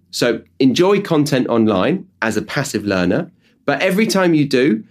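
A British man hosting an English-learning podcast, explaining tips in a lively, jokey way. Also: medium pitch. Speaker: podcast host and English teacher. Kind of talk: podcast lesson talk.

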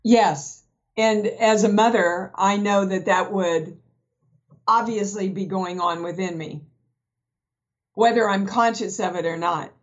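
A woman's voice: mid-range voice, slow. Candid woman guest on a dull recording. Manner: candid, frank storyteller. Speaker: guest actress. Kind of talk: casual film discussion.

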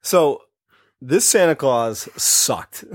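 A man's voice: medium pitch, animated, extremely slow, no echo. A young man with a mid-range voice trades wry jokes as a podcast co-host, breaking into short laughs. His voice sounds dry and close, with no room around it. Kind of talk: casual chat about horror films.

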